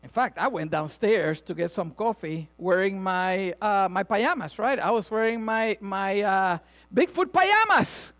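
A man's voice: sits high, a little slow. A middle-aged man preaching a sermon, telling a funny personal story and acting out the people in it before turning to his message. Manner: animated storyteller, laughs often, acts out voices. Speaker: pastor. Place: church or venue with audience, also filmed.

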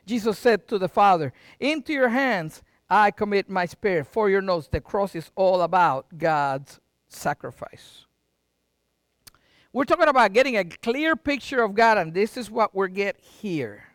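Middle-aged man, sermon-style pastor, very animated pitch, folksy and joking with his flock. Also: a little slow, no room sound, clean studio sound. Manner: dramatic preaching with sudden loud and quiet swings; folksy, joking asides to the congregation.

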